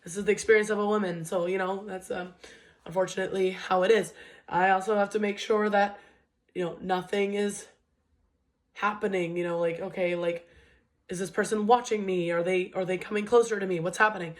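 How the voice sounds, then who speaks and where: A woman's voice: medium pitch, steady tone. A woman in her twenties giving a casual motivational talk, conversational, often checking in with "okay?" and "right?" and restarting her sentences. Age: 20s. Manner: restarts sentences and uses many fillers, pace swings between quick and slow. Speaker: educator and motivational speaker.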